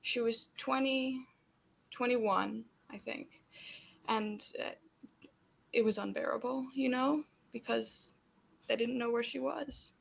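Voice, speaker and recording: A woman voicing a gentle, grieving old man who speaks softly and in a folksy way, calling people honey. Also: fairly high pitch, steady tone, slow pace, gravelly, pauses often, breathy edge, exaggerated voice. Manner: folksy, soft-spoken, calls people honey.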